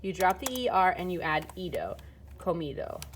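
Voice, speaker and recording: A woman's voice: on the low side, animated, normal speed, a little hiss or hum. A woman teaching Spanish grammar, explaining step by step in a casual way with fillers, while filming and typing. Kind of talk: recorded lesson walkthrough.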